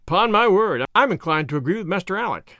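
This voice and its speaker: A man's voice: high-pitched, animated, brisk, bright, forceful tone, no echo. A man reading the part of a brusque, bewildered male police inspector who speaks in exclamations.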